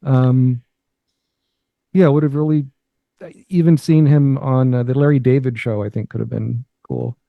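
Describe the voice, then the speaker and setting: A man's voice: medium pitch, steady tone, measured pace, vocal fry, dry recording, phone-quality sound. A man co-hosting a podcast, chatting in an easygoing, agreeable way. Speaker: guest co-host. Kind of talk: casual podcast commentary.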